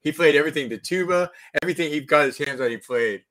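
A man in casual conversation, giving relaxed advice. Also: a little high, fast talker. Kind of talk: casual chat.

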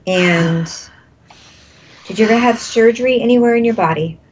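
A woman's voice: fairly high pitch, normal speed, highs cut off, a little hiss or hum. A woman leading a guided energy healing session, soothing and repeating breathing cues, laughing often. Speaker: energy healer.

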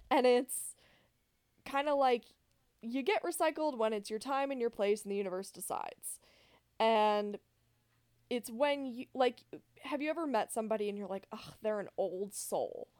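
A woman's voice: on the high side, moderate pace, pauses often, darkish tone, clear, resonant tone, dry recording, studio quality. A woman co-hosting a podcast in casual chat, rambling with lots of fillers and self-corrections. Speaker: podcast co-host.

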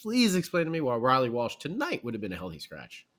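Bright-voiced sarcastic podcast man. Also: medium pitch, wildly swooping pitch, quick pace, faint music behind. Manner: sarcastic, exasperated. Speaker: podcast co-host. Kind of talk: casual sports podcast chat.

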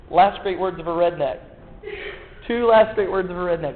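A man's voice: high voice, moderate pace. A man preaching a sermon in a folksy, joking way, full of rhetorical questions. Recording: echoey hall, tinny phone-like sound.

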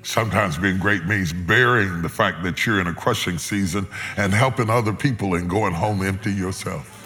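A man preaching a sermon as a guest preacher, swinging between loud, soaring lines and hushed, low ones. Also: normal speed, faint music behind. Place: large church auditorium with live congregation. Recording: echoey hall with loud congregation.

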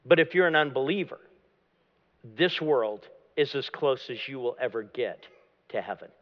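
Guy pastor preaching hard then going quiet, big hall echo, kinda muffled lo-fi. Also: expressive, normal speed. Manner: dramatic preaching, dropping to a low hush at phrase ends. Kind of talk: sermon. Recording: long hall reverb, dull lo-fi sound.

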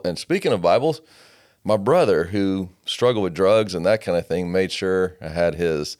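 A very deep-voiced man hosts a casual conversation, backing his guest with short replies before drifting into reflective thoughts. His delivery is relaxed and unhurried. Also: clean tone. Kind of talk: casual chat.

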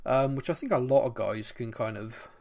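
A man co-hosting a casual podcast chat, excitedly retelling scenes and laughing often. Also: mid-range voice, moderate pace. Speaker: podcast co-host.

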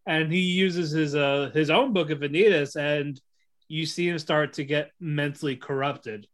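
A man casually recapping an anime episode, excitable, acting out the characters' lines and laughing often. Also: fairly high pitch, a little slow. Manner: excitable storytelling, acts out quotes, laughs often. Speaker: podcast co-host reviewing an anime. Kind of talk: casual chat.

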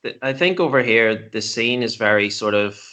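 Comedian guy, low voice, swearing a lot, animated stories. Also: normal speed. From Northern Ireland. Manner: animated, profane storytelling. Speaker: comedian guest. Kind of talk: casual comedic chat.

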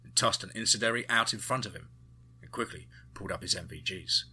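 A man narrating a first-person adventure story in a steady storytelling manner. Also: low-pitched, fairly quick, breathy edge.

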